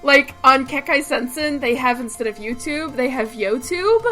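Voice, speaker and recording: A woman in her late twenties co-hosting a casual podcast, animated, laughing often and acting out little quotes. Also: sits high, normal speed, faint music behind. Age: late 20s. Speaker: podcast co-host.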